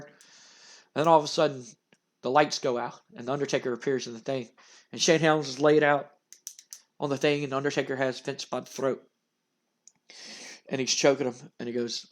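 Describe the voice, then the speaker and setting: Excitable man narrating a game. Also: medium pitch, normal speed, pauses often. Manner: casual, excitable, hesitant fillers. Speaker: gamer narrating a wrestling sim. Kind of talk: casual game commentary.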